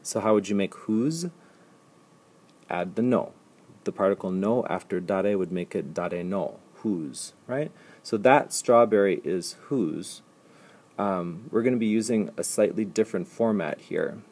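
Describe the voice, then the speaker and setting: Male teacher, low husky voice, patient step-by-step explainer who repeats examples slowly. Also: a little mellow. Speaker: language teacher. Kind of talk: recorded slide lecture.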